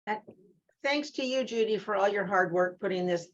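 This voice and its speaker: Woman in a workshop call, halting, laughs a lot, muffled dull audio. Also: medium pitch, slight background noise. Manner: hesitant, laughs between words. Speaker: workshop participant. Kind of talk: casual conversation.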